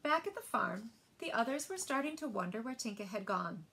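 A woman librarian reading picture books aloud in an expressive, sing-song storytelling manner. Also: fairly high pitch, a little fast.

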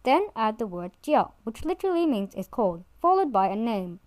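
A woman teaching in a clear, careful voice, slowing down to model each word as she explains it. Her voice sits a little high and sounds close and dry, with no room around it. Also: sing-song, darkish tone, no room sound. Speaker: language teacher. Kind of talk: scripted instructional narration.

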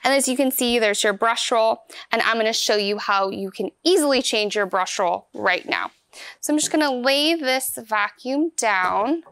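A woman with a slightly high, smooth and clear voice walks through a product demonstration step by step. She sounds upbeat and chatty. The sound is dry and close. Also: normal speed, fairly bright tone, no room sound. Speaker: vacuum store product demonstrator.

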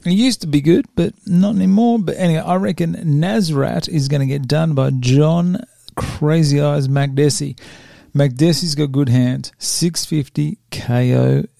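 A young man chats casually as a podcast host, running through his betting picks. His voice is gravelly and mellow, a little higher than most men's, and the sound is dry and close. He rambles and stumbles over names, then laughs at himself. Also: measured pace, no room sound. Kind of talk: casual solo chat.

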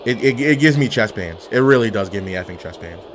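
A young man streaming a wrestling video game, giving excitable, trash-talking commentary that swings from mumbling to yelling. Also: fairly low pitch, brisk, music in the background. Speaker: gaming streamer. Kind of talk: live gameplay commentary.

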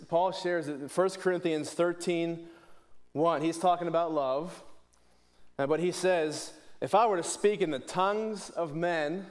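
A man from preaching a sermon in church, earnest, often restarting and repeating words. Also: a little high. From Pittsburgh, USA.

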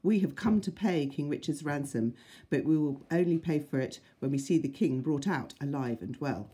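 A bold, commanding young outlaw chief, as a woman reading aloud puts him on, declaiming his demands in a soft, breathy, mellow voice. He sounds firm and sure of himself, like a storybook hero. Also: deep voice, normal speed. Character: bold young male outlaw leader, confident.

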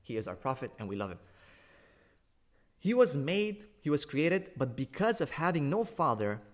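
A man's voice: very animated, normal speed. Sarcastic, emphatic man lecturing. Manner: repeats points for emphasis with big swings in pitch and loudness. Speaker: religious commentator rebutting a video. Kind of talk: argumentative monologue.

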